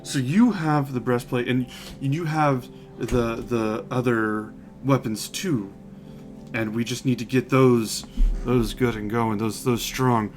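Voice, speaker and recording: A boisterous old forge god, as a man puts him on, rambling and tripping over his words with sudden loud bursts. He sounds like a proud, fussy father in a tabletop game. Soft music plays faintly beneath him. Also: mid-range voice, steady tone, slow pace, close to an everyday voice.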